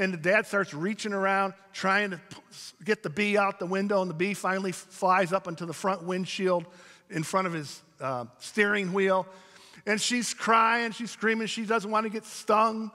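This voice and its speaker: Male pastor, slightly high, bright voice, preaching to a congregation in a church hall with long reverb. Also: fairly even intonation, moderate pace. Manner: storytelling preacher, speaking to a congregation. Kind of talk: sermon. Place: church sanctuary.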